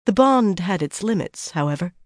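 An audiobook narrator reading a fantasy novel in a measured, even storytelling manner. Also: mid-range voice, no echo, studio quality.

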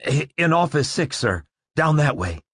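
A man's voice: fairly high pitch, sing-song, normal speed, fairly bright tone, slightly rough, no echo, pitched above the performer's own voice, full character voice. A man voicing a frightened young guard who stammers and addresses his superior as sir, in a storybook reading. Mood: nervous. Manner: stammering, deferential.

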